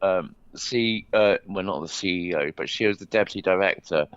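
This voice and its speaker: A man's voice: low voice, fairly quick, smooth, dry recording, highs cut off. A man calling in to a chat show, talking hesitantly with many fillers. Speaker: caller.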